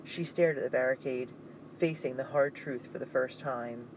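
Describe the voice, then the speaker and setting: A man narrating an audiobook in a steady, suspenseful reading. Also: mid-range voice, moderate pace, noisy background.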